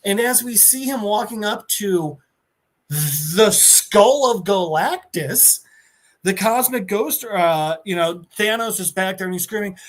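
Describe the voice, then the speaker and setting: A man on a podcast excitedly retelling a comic-book story, restarting his sentences as he goes. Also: high-pitched, slow pace. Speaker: podcast co-host.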